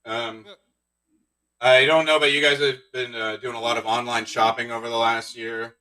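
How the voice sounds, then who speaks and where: A man doing a stand-up comedy set, telling deadpan one-liners with awkward asides. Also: medium pitch, moderate pace, recorded from a distance, rough recording. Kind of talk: stand-up set streamed live.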